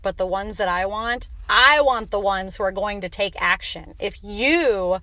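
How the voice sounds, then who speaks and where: A woman's voice: medium pitch, unhurried, bright, forceful tone, no room sound. A woman hosting a motivational podcast, talking in a passionate, blunt rant with some swearing. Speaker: podcast host and coach.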